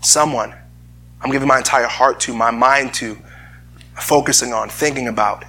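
A man's voice: medium pitch, normal speed, bright, forceful tone, slight background noise. A man preaching a sermon and reading scripture aloud, earnest in tone, often repeating words as he searches for the phrasing. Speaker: pastor.

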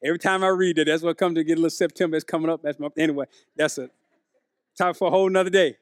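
A man's voice: on the high side, rapid-fire, smooth, no room sound, studio quality. A man, preaching a conversational sermon to his congregation. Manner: conversational preaching, animated, addresses congregation as y'all. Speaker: pastor.

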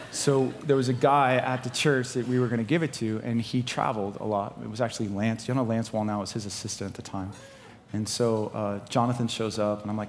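A man preaching to a congregation in a large hall, his voice trailing into a long reverb over faint room ambience. He is animated and laughs often, swinging from loud emphatic lines to quiet, hushed storytelling. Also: lowish voice, fast, slight background noise. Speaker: pastor. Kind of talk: sermon with personal story.

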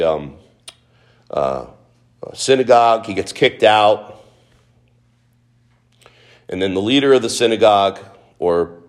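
Low-voiced man preaching conversationally. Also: darkish tone. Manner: conversational, asks the listeners rhetorical questions. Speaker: pastor. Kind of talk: sermon.

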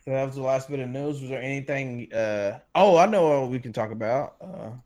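A man hosting a casual gaming podcast, talking in a brash, animated way and swearing freely. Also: mid-range voice, a little fast. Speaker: podcast host. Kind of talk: casual chat.

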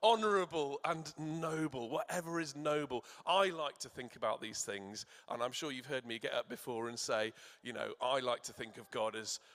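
A man preaching in a church, warmly encouraging and asking the children to call out answers. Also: mid-range voice, moderate pace, hardly any pauses, big-room sound. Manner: encouraging, asks the audience to shout answers. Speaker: church speaker. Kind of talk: sermon with questions to children.

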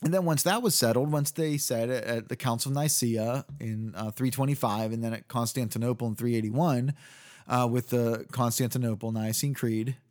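A man's voice: medium pitch, normal speed, a little mellow. A man giving an unscripted lecture on church history, explaining step by step with many fillers and restarts and checking in with his listeners.

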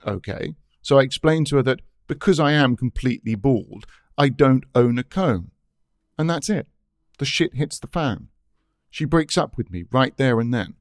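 An exasperated bald man retells a baffling breakup with indignant energy, as a male reader puts him on. The voice sits at a middle pitch, and the sound is close and dry. He builds each point with animated disbelief. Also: moderate pace, dry recording, natural voice.

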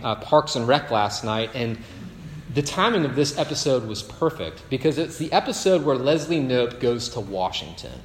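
A man's voice: medium pitch, a little hiss or hum. A male pastor preaching a sermon, telling stories and tossing in rhetorical asides. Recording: echoey hall with faint ambience.

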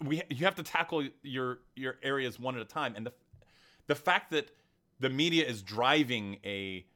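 A man's voice: medium pitch, moderate pace. A man co-hosting a podcast, talking in a heated, emphatic way during a casual discussion. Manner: animated, emphatic, heated storytelling. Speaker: podcast co-host.

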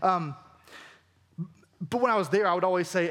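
A man's voice: sits high, normal speed, a bit bright. A man with a Southern American accent preaching a sermon as a pastor, earnest and conversational, full of questions put to his listeners. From Georgia, US.

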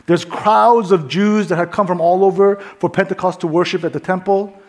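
A man's voice: sits high, fairly even intonation, moderate pace. A male pastor preaching a sermon in a casual, conversational way, with many fillers, telling a story and acting out the voices in it. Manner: drops to a soft hush in prayer.

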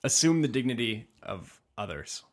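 A man's voice: mid-range voice, big pitch swings, normal speed. A man co-hosting a podcast in casual conversation, thoughtful and hedging, often restarting his sentences as he works through ideas. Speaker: podcast co-host.

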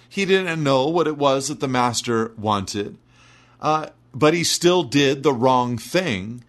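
A man preaching an earnest, emphatic expository sermon, reading scripture and explaining it. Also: medium pitch.

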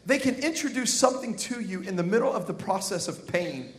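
A young adult man preaching a comedic sermon to a church congregation, telling a story with sound effects and shouting for emphasis. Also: sits high, expressive, brisk. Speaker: pastor. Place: church service with live congregation.

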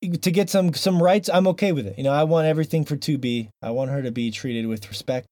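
Animated, higher-voiced podcast host. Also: male voice, fast, dry recording. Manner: animated, joking, rambling. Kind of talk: casual podcast chat.

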